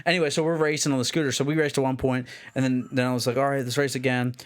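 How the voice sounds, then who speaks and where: A man, co-hosting a podcast and telling a long, rambling anecdote in casual chat, acting out the shouting of people in his story. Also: medium pitch, level tone, very fast. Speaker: podcast co-host.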